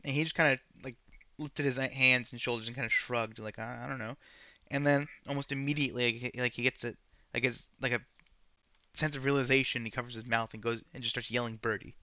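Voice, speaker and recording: A man's voice: mid-range voice, fairly even intonation, fast, sharp tone, dry recording, highs cut off. A man narrating as game master of a tabletop role-playing game, rambling and correcting himself as he describes scenes.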